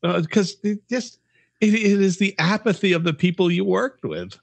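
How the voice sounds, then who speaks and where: A man's voice: high voice, moderate pace, vocal fry, no echo. A man in his fifties, a former radio broadcaster, telling profane, rambling stories while co-hosting a podcast. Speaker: podcast co-host. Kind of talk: casual chat.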